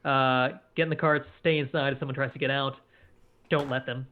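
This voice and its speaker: A man playing a tabletop game, giving brisk, commanding orders when he speaks in character. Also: medium pitch, level tone, a little hiss or hum. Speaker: player. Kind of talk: tabletop game play over a call. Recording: tinny phone-like call audio.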